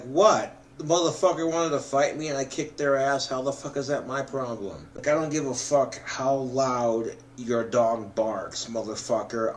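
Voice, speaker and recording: A drunk man rambling to the camera, swearing often and breaking into loud outbursts. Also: mid-range voice, a little hiss or hum. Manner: profane, swings into loud outbursts.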